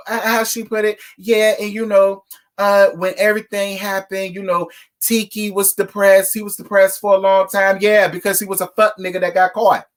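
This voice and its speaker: A man hosting a casual reality TV recap, talking bluntly and profanely in a scolding tone. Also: high-pitched. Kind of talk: casual commentary rant.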